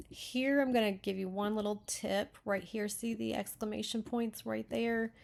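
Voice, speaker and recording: A woman with a gravelly, vocal-fry texture gives casual writing feedback. She talks in a chatty way, with many fillers and self-corrections, at a mid pitch. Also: steady tone, moderate pace, few pauses, darkish tone. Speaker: writing critique host. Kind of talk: casual teaching.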